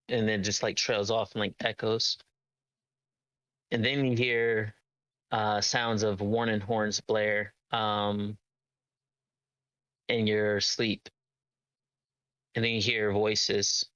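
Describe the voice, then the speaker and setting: A man's voice: on the low side, little pitch movement, takes it slowly, pauses often, pushed and bright, no echo, poor audio. A man narrating as game master of a tabletop game, hesitant with many ums and uhs.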